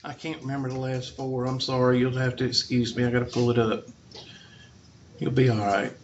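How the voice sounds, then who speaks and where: In a dull, lo-fi classroom recording with faint noise, a male math instructor lectures briskly in a flat, mid-range voice. He jokes and throws in sarcasm as he teaches.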